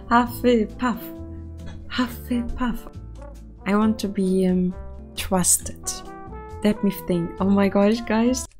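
Slow-talking woman streamer. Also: mid-range voice, soft background music. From Germany. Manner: excitable, swears freely, bursts into laughter. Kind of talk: casual gameplay commentary.

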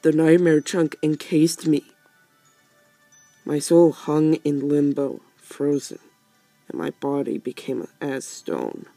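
A man's voice: a little high, lively intonation, slow, gravelly, warm tone, no echo, faint music behind, full character voice. A man doing a grandiose archaic pillow prince. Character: stately formal pillow prince, archaic speech.

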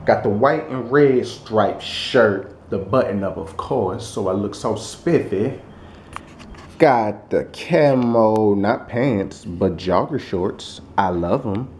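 A young man vlogs from his bedroom in a relaxed, slangy way, full of laughter. His voice moves a lot in pitch. The room sounds echoey, with faint noise behind him. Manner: animated, laughing, slangy storyteller. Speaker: vlogger. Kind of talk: casual vlog chat. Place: bedroom indoors.

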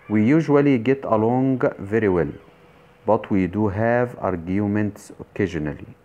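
A male English teacher giving a recorded grammar lesson, explaining deliberately with frequent fillers and self-corrections. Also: on the low side, dark tone, highs cut off.

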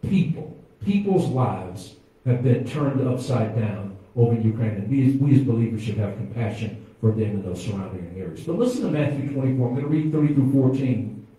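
A pastor preaching a sermon, calling out to the congregation and swinging from quiet asides to loud exclamations. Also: male voice, mid-range voice, expressive, brisk. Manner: preaching with call-and-response to the congregation. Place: church sanctuary. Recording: echoey church from far off.

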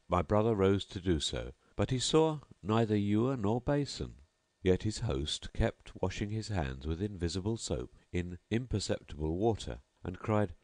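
A man narrating an old storybook tale in an expressive, theatrical reading. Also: low-pitched, moderate pace, no room sound. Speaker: audiobook narrator.

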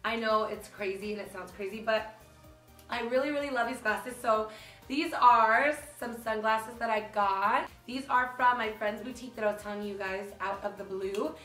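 Chatty young woman, bright and animated. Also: on the high side, normal speed. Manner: chatty and animated, with lots of fillers like "like". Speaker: beauty vlogger. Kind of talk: casual chat to camera. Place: hotel room, indoors. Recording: echoey room with faint music.

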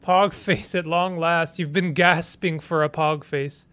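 An unhurried gaming streamer with a mid-range voice talks through a let's play. They are playful and exasperated by turns, with loud dramatic outbursts, goofy invented words and quiet muttered asides. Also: mid-range voice, fairly even intonation.

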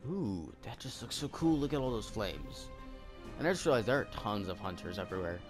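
A man giving chatty, excitable commentary while he plays a game, often breaking into sudden exclamations. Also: on the low side, brisk. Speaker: gamer. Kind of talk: casual gameplay commentary. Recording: game audio mixed with loud music. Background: game music.

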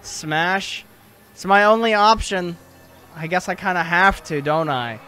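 A man with a high voice gives let's play commentary, slowly and emotionally sympathizing with the characters. He speaks at an unhurried pace, with faint music in the background. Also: pushed and bright. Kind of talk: game commentary.

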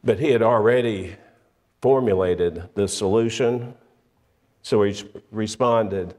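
Slow steady guy preaching a sermon, lowish voice, long echo of a church. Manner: measured, emphatic, with frequent fillers and restarts. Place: church sanctuary.

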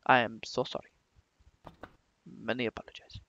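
Goofy rambling gamer guy, gravelly. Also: medium pitch, level tone, moderate pace, pushed and bright, dull audio. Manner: goofy, rambling, jokey asides. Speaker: let's play gamer. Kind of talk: casual gameplay commentary. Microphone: desktop microphone.

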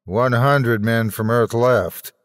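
A man's voice: medium pitch, steady tone, slow, dry recording, studio quality, big-room sound, lightly acted. A man voicing a frantic male announcer calling a space battle like a sportscast. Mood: frantic commentary. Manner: radio-announcer patter, frantic.

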